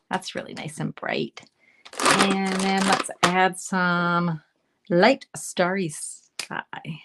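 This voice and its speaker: Slow, gravelly-voiced woman demonstrating crafts. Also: fairly low pitch, noisy background. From Canada. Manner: chatty, thinks aloud while coloring, often drops to a soft murmur. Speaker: card-making demonstrator. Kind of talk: casual live craft demonstration.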